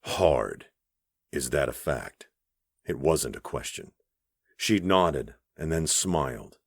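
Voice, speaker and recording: A man narrating an audiobook in a measured, even storytelling voice on a close studio mic. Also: very deep voice, creaky, breathy edge, no echo. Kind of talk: scripted narration.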